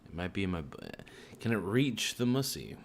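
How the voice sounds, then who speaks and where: Low-voiced man joking on a food stream. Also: big pitch swings, moderate pace, a little hiss or hum. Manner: joking, sing-song chanting of silly rhymes. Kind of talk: casual livestream chat while eating.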